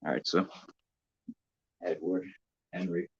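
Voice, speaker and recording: A man speaks slowly and fairly flatly in a low, darkish, breathy voice as he films toy trains at home for a phone live-stream. His casual talk rambles with frequent self-corrections, and the dull lo-fi phone recording is dry.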